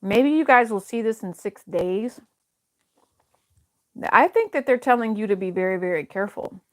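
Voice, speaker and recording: Casual woman tarot reader at an ordinary mid pitch, thinking out loud and hedging as she turns cards. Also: animated, normal speed. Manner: thinks aloud, hesitant, many fillers and restarts. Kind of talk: casual tarot reading to camera.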